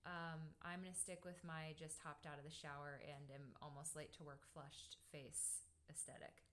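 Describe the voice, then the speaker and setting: A woman's voice: low-pitched, flat delivery, moderate pace, a bit bright. A woman in a casual podcast chat, working through a numbered list of tips. She keeps it chatty and playful, joking with her co-host as she goes.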